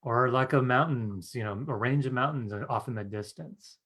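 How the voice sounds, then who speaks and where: A man's voice: mid-range voice, moderate pace, fairly bright tone. A man teaching a live-streamed class on psychic skills, chatty and earnest, often asking "right?" and laughing. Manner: chatty, fills with "you guys" and "right?".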